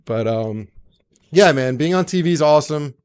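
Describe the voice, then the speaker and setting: A young man, a guest in a casual interview, telling animated stories and acting out other people's voices, with lots of fillers. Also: fairly high pitch, normal speed, clean tone. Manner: animated, acts out quoted voices, many fillers. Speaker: actor and entrepreneur, guest.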